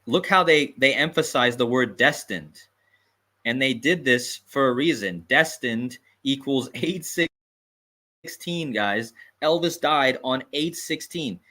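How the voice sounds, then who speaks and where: Speaking slowly and with animation, a livestream host with a medium-pitched, sharp voice offers commentary. He presses his points with emphasis, repeating them, and slips in asides that show his amusement.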